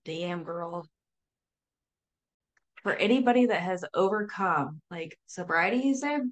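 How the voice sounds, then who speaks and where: A woman talking casually as a sober coach guest, lively, full of fillers and acted-out quotes. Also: lowish voice, a little slow. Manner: animated, says "like" often, acts out quotes. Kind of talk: casual interview talk.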